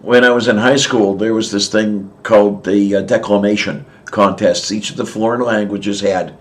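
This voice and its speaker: Low-pitched male streamer, rambling casual chat, soft trailing delivery. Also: steady tone, normal speed. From southwest Pennsylvania. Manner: rambling, chuckling, trails off softly. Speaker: livestream host.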